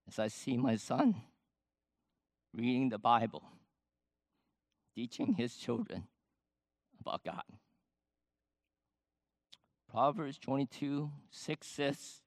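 An older man preaching a sermon, slow and measured, with emphatic rises on key points. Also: medium pitch, dry recording, clean studio sound. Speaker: pastor.

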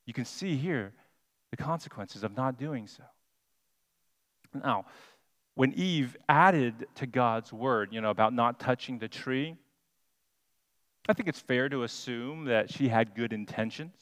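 A man preaching a sermon as pastor, deliberate and emphatic, stressing single words. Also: mid-range voice, a bit bright. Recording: long hall reverb.

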